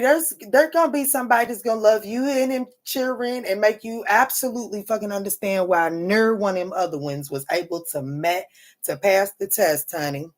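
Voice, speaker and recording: A mother hosts a casual tarot livestream, speaking directly to her viewers in a lowish voice. She's blunt, swears freely, and calls her audience "honey" and "baby."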